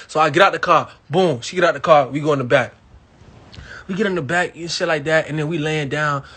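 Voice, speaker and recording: A young man from Miami telling a crude story to his live audience, animated and swinging between loud bursts and hushed asides. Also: on the high side, quick pace, slightly rough. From Miami, Florida. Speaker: livestream host.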